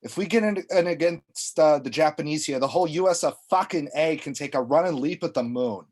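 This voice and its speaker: A man with a slightly high voice reads a young soldier's lines. He sounds brash and profane. It comes across as a script reading. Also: fairly quick, darkish tone. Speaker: reader of Donnie.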